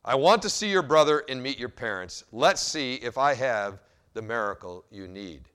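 A kind, well-dressed surgeon in a sermon story who speaks gently and calmly, as a preacher voices him. His tone is soft and low. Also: normal speed, clear, resonant tone, lightly acted. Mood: gentle.

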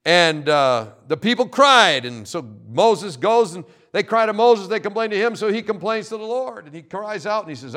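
A male pastor delivering a sermon in a storytelling manner, his voice sitting somewhat high for a man. He talks in an animated way, stacking repeated words and phrases for emphasis. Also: moderate pace, hardly any pauses.

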